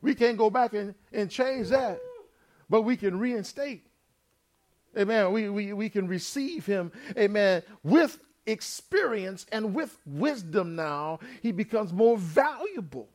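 A man's voice: high voice, slow pace. A man preaching a sermon, retelling a parable in folksy everyday speech and acting out its characters as he goes. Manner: animated preaching, acts out the brothers and father in plain voices, folksy grammar.

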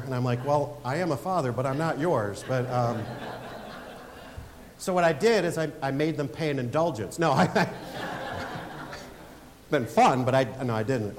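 A man's voice: fairly high pitch, expressive, moderate pace. A man in his forties preaching a sermon as a pastor in a church, telling a story and building to emphatic points. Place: church sanctuary. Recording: long hall reverb with faint hiss.

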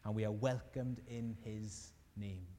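A man's voice: lowish voice, fairly even intonation, unhurried, mellow, slight background noise. Earnest preacher man in an echoey hall. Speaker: pastor. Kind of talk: sermon.

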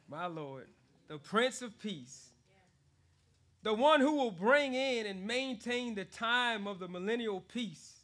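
A man preaching a sermon in an animated way. He laughs often between phrases and repeats words for emphasis. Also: high voice, takes it slowly, pauses often.

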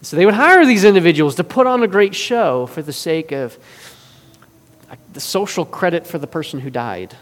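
Earnest higher-voiced male preacher in a hall. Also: expressive, moderate pace. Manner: earnest, swings between forceful and hushed. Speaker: pastor. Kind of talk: sermon. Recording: long reverb of a large hall.

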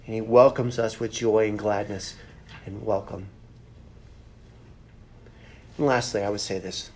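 A pastor giving a conversational sermon, earnest and plain-spoken, with rhetorical questions and repeated phrases. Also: male voice, lowish voice, fairly even intonation, moderate pace, darkish tone.

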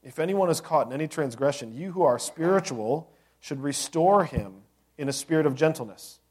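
A man's voice: on the high side, animated, normal speed. Male pastor, lightly raised voice, casual sermon delivery with rhetorical questions. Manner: conversational preaching with asides and rhetorical questions.

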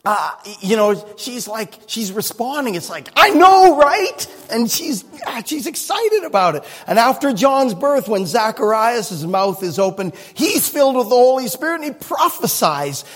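Husky-voiced, animated preacher man. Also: sits high. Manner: animated, humorous, laughs often. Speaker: pastor. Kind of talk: sermon. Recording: long reverb in a hall.

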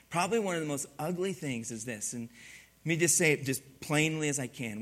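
A pastor preaching a sermon, animated and humorous, swinging from hushed to loud. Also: male voice, fairly high pitch.

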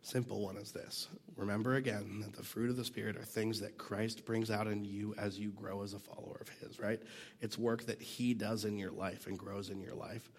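Husky low-voiced man teaching scripture. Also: level tone, normal speed. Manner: conversational, self-deprecating, drops to near whisper at times. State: coughing. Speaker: Bible teacher. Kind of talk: casual devotional teaching.

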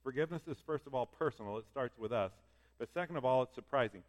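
A man's voice: mid-range voice, fast talker. A man preaching a sermon in an earnest, conversational way, reading scripture aloud to his congregation. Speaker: pastor. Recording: long hall reverb.

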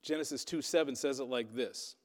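A man's voice: medium pitch, a little fast. Man preaching in a reverberant hall. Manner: dramatic storytelling with shifting loudness. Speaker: pastor. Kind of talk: sermon. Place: church hall.

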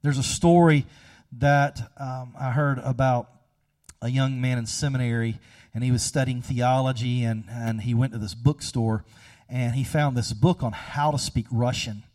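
A man preaching a sermon, telling a story and swinging between hushed, slow passages and loud, emphatic ones. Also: medium pitch, steady tone, distant mic. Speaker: pastor.

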